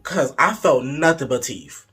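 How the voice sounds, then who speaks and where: Husky young man telling a story. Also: mid-range voice, measured pace. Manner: frank, profane, playful storytelling; lively, slips into voices of people in the story. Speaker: vlogger. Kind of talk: casual storytime.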